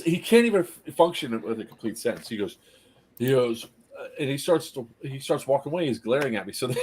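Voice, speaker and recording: A man telling a story casually on a live stream, animated, laughing often and acting out the people in it. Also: mid-range voice, normal speed.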